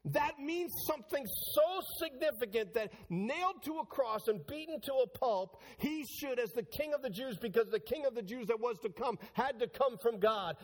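High-voiced preaching man in a reverberant hall. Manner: retells scripture dramatically, voicing the figures. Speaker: pastor. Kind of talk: sermon.

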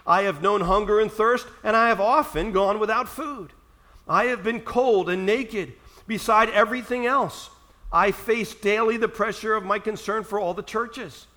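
A man preaching a sermon, walking through scripture and reading passages aloud with slow emphasis. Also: high-pitched, sharp tone. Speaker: pastor.

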